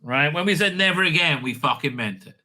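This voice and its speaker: Excitable rambling man, very bright voice. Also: fairly high pitch, fairly quick. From Israel. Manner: rambling, restarts, excitable bursts. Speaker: host. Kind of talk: casual monologue.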